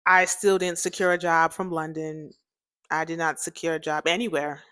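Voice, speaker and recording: A young woman hosting a podcast, telling a personal story in a chatty, animated way, often laughing and speaking straight to her listeners. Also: low-pitched, moderate pace, clear, resonant tone, no echo, clean studio sound. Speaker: podcast host.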